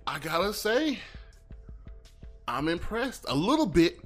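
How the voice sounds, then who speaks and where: A man chatting loosely on a podcast. His pitch swings widely as he talks, and he often jumps into playful voices. There is faint music behind him. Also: slow pace. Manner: animated, swearing, acts out voices. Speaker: podcast co-host. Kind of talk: casual podcast chat.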